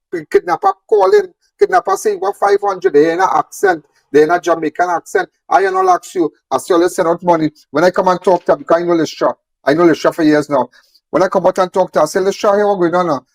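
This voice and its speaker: A man's voice: high voice, no echo. A man speaking emphatically, repeating phrases and firing off rhetorical questions. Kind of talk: impassioned on-camera talk.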